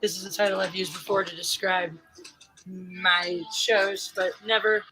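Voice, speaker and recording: A woman's voice: fairly low pitch, little pitch movement, measured pace, pushed and bright, faint music behind, poor audio. A woman hosting a casual livestream, chatting to viewers, greeting them by name and dropping into whispered asides. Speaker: livestream host.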